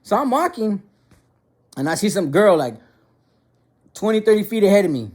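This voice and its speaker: A man's voice: sits high, very animated, moderate pace, darkish tone. A young man telling a funny personal story in casual slang, repeating words and restarting sentences as he goes.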